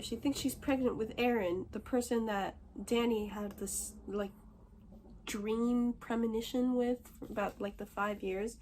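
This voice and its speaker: A teenage girl filming a casual book vlog on her phone, candid and dramatic, swinging between whispers and loud complaints. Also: a little high, steady tone, measured pace, a little hiss or hum, low-quality recording. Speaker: book vlogger. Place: bathroom.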